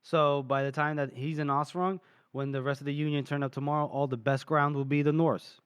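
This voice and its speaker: A man's voice: fairly high pitch, level tone, a little fast, smooth, no room sound, studio quality. A man co-hosting a podcast, casually retelling a book chapter and briefly acting out the characters' lines. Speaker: podcast co-host.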